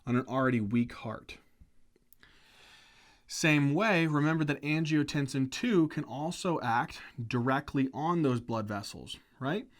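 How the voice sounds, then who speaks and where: A man giving a medical lecture, energetic and conversational, often asking questions and checking in with "right?". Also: mid-range voice, a little slow. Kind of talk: whiteboard lecture.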